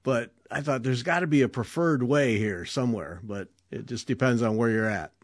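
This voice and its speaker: A man's voice: mid-range voice, normal speed, no room sound. Chatty male podcast host, dry sound. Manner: chatty, enthusiastic, joking. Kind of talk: casual interview chat.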